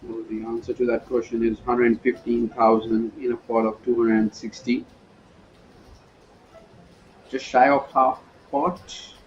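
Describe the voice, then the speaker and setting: A man's voice: mid-range voice, flat delivery, a little slow, pauses often, lo-fi sound, a little hiss or hum. A man calling a live poker broadcast, mixing play-by-play with playful banter. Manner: playful, joking banter between hands. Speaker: poker commentator. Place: commentary booth at a poker event.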